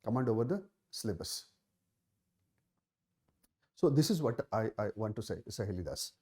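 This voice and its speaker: A man's voice: on the low side, big pitch swings, moderate pace, darkish tone. A middle-aged man with an Indian English accent, a coaching teacher answering student questions in a live session, emphatic and repeating key phrases with many fillers.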